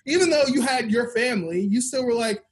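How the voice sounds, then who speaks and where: A man's voice: very high voice, a little fast, breathy edge. A man in his thirties, a podcast co-host and business owner, talking candidly and reflectively in a casual chat. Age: 30s.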